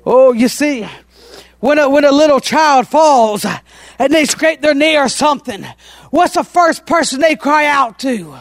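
A man preaching a sermon, impassioned and folksy, often breaking into shouts and drawing out "oh" between phrases. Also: very high-pitched, lively intonation, a little slow, no room sound, studio quality.

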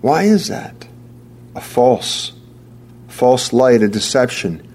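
A man's voice: mid-range voice, sing-song, slow, darkish tone, breathy edge. A man preaching a sermon, emphatic and repetitive, often restarting his words. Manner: emphatic, repeats key phrases, stammering restarts.

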